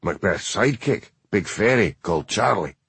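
A man's voice: fairly low pitch, expressive, moderate pace, fairly bright tone, breathy edge, no room sound, exaggerated voice. A man voicing a bullying, hard-drinking Scottish detective chief inspector who blusters and threatens. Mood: blustering.

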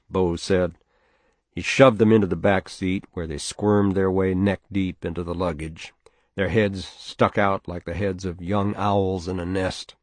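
Low-voiced man narrating a novel. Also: steady tone, a little slow, no room sound. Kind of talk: scripted audiobook narration.

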